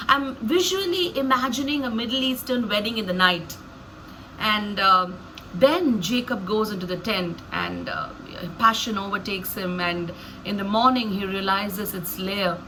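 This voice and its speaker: Storyteller woman, bright voice, thoughtful, halting delivery reflecting on her craft. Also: on the high side, a little hiss or hum, rough recording. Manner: thoughtful, musing, frequent hesitations.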